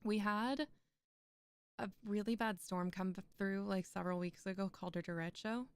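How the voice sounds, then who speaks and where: A woman's voice: medium pitch, fairly even intonation, normal speed, smooth, no room sound. A young woman streaming a poetry reading, reciting poems aloud and breaking off into chatty asides with frequent laughs.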